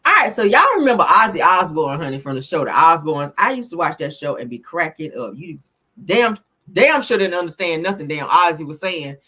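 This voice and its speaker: A woman's voice: fairly low pitch, bright, forceful tone, husky. A woman vlogger reacting to news clips in a sassy, chatty way, laughing often and calling her viewers honey and child. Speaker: commentary vlogger. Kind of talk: casual reaction commentary.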